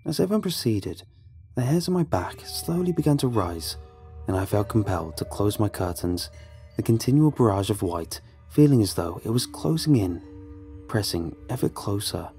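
A man reading a horror story aloud as a scripted narration, with measured, tense storytelling. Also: fairly low pitch, lively intonation, warm tone, soft background music.

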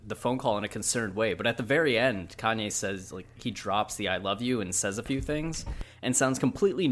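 A man with a lowish voice riffs sardonically on a podcast, chatting loosely and laughing often. His talk trails off into fillers as he tells the story. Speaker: podcast co-host. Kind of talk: casual joking chat.

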